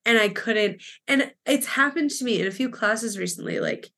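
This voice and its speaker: A woman's voice: on the high side, moderate pace, a bit bright. Young woman in her 20s rambling through a story, lots of likes, kinda teary, podcast chat. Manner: rambling, filler-heavy retelling with quoted dialogue. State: emotional, near tears. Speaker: podcast co-host.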